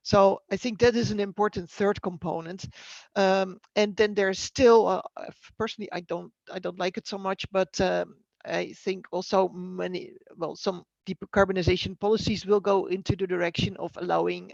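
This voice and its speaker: A female panelist giving a halting, unscripted answer, often searching for words. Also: on the low side, gravelly, dry recording. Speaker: workshop panelist. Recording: dry, dull lo-fi call audio.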